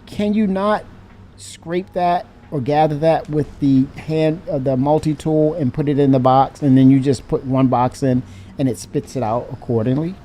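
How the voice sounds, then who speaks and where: A man in casual live-stream chat, animated and laughing as he talks to his chat. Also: fairly high pitch, moderate pace, slight background noise.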